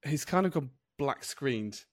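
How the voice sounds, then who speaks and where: A man's voice: medium pitch, lively intonation, measured pace, no echo. A young man from the UK co-hosting a podcast in casual chat, rambling with lots of fillers and restarts. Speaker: podcast co-host.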